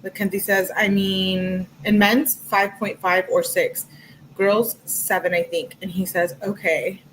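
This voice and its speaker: A woman's voice: mid-range voice, little pitch movement, unhurried, a little hiss or hum, poor audio. A young woman casually reading text messages aloud on a livestream, adding her own comments as she goes. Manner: chatty, reads quotes aloud with commentary asides. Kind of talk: casual livestream read-through.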